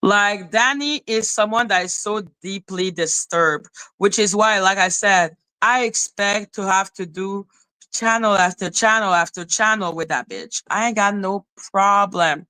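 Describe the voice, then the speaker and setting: A woman's voice: medium pitch, measured pace, bright, forceful tone, smooth, no echo. A woman ranting on a livestream, heated and profane, who often repeats herself. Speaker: live streamer. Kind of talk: angry livestream rant.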